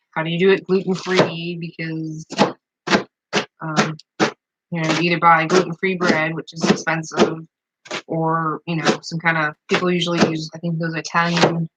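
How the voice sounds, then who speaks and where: A woman's voice: fairly low pitch, very noisy. A woman chatting casually as she shows a recipe at her farmhouse table, rambling with plenty of fillers. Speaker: home cook vlogger. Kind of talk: casual cooking demonstration.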